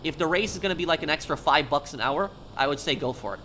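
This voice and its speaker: A man's voice: fairly high pitch, expressive, fast, sharp tone, slight background noise. A man chatting casually on a live game stream, talking straight to his viewers and answering them.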